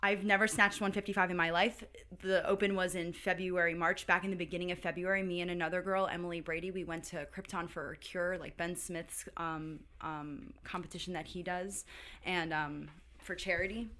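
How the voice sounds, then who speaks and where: A woman's voice: fairly low pitch, steady tone, brisk, bright, forceful tone. A woman in her thirties, a podcast guest chatting casually and telling stories, filling her talk with "like". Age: 30s. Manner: chatty storyteller, heavy use of "like". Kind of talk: casual interview chat.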